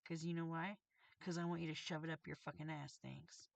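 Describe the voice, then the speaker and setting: A woman's voice: sits low, flat delivery, a little fast, gravelly, dry recording. A woman reading tarot on a livestream, channeling messages in an agitated, profane, confrontational rant. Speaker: tarot reader and streamer.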